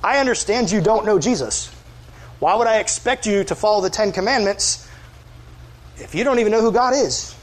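A man's voice: high voice, animated, moderate pace. A male pastor, preaching in an earnest, conversational way and acting out quoted voices. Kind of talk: sermon.

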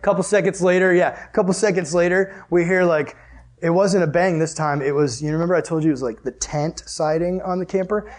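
A young man leading a youth group, telling a story in a chatty, animated way and laughing often before moving into Bible study. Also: high-pitched, fairly quick.

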